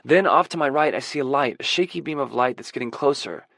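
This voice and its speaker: A male audiobook narrator with a gravelly, textured voice, telling the story in a measured, introspective way. His pitch sits in a middle range. The read is dry and close, with no room sound. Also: fairly bright tone, no room sound. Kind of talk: first-person audiobook narration.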